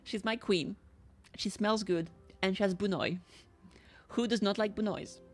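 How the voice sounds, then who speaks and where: A woman's voice: medium pitch, a little slow, faint music behind. Chatty French-accented woman streaming a game. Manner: swears freely, chatty and excitable. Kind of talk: casual gameplay commentary.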